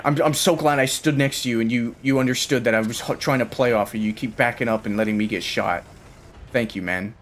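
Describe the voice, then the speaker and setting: A man's voice: medium pitch, steady tone, fast talker, a bit bright. A man giving live gameplay commentary while playing with teammates, ranting at them in a frustrated, profane way. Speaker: gamer playing online with teammates.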